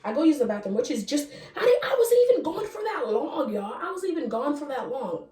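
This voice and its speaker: A woman's voice: sits high, very animated, fairly quick, warm tone, distant mic. A young woman rambling through a casual storytime, blunt and chatty, cursing now and then and turning to address her viewers. She sits back from the mic, and the room gives her voice a hollow, roomy ring. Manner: chatty, frank, swears freely; talks straight to viewers. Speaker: vlogger.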